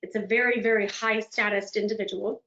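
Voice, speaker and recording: A woman motivational speaker giving a virtual keynote, telling stories in an animated, dramatic way. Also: mid-range voice, brisk. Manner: animated, dramatic storytelling with laughs. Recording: echoey room, dull lo-fi sound.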